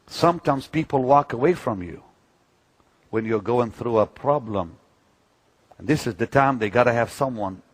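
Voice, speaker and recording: An older man preaching, telling personal stories emphatically and swinging from loud declarations to hushed moments. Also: medium pitch. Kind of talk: sermon-style teaching talk.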